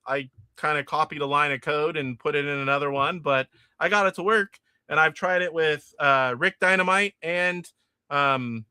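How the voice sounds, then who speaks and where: Bright, high-voiced chatty man. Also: smooth, no echo. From California. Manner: chatty, rambling, frequent restarts and laughs. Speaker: livestream host. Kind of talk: casual chat reading viewer comments.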